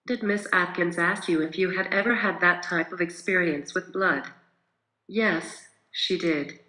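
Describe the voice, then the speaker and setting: A man reenacting a courtroom closing argument, reading questions and answers from a court transcript in one steady voice. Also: high-pitched, roomy sound, poor audio.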